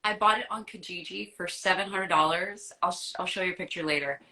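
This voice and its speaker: A woman's voice: lowish voice, fairly quick, sharp tone, rough recording. A woman guest in a casual live-stream chat, candid and self-deprecating, often laughing. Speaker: guest artist.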